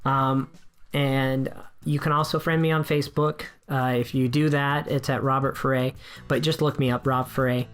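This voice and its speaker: A man's voice: medium pitch, little pitch movement, normal speed, fairly bright tone, smooth. A man as a podcast guest, talking casually and energetically about his work as a wedding DJ, frank and self-deprecating, with frequent restarts. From United States.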